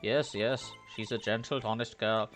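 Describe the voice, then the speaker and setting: A man voicing an elderly head nun with a back complaint, in a lilting put-on Irish accent, gentle and motherly. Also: lowish voice, fairly even intonation, moderate pace, soft background music, lightly acted. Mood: patient.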